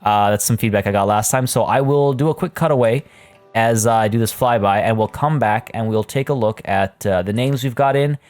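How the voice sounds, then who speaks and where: A man's voice: fairly low pitch, normal speed, darkish tone, faint music behind. A man talking casually as a gaming YouTuber over a let's play, chatty and rambling with many fillers.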